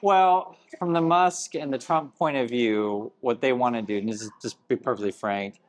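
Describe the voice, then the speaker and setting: A man's voice: medium pitch, normal speed, no echo. Chatty man hosting a casual news talk. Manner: relaxed, chatty, many fillers and chuckles. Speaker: host. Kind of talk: casual news commentary chat.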